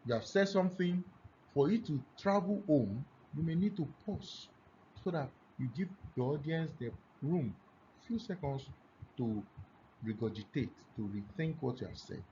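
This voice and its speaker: A man teaching a lesson on speaking skills, deliberately swinging between loud and soft for emphasis. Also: animated. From Nigeria. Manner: deliberately varies pitch and loudness, emphatic. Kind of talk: classroom lesson on public speaking. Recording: dull lo-fi recording with faint noise.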